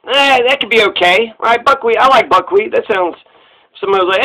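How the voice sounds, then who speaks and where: A man with a high voice rambles through casual commentary. He repeats himself and sounds sarcastic. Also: brisk, pushed and bright, low-quality recording.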